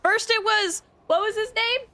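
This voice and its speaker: A woman streaming a video game, commenting live in a gushing, excitable way, squealing and shouting with delight. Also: very high-pitched, normal speed, no echo.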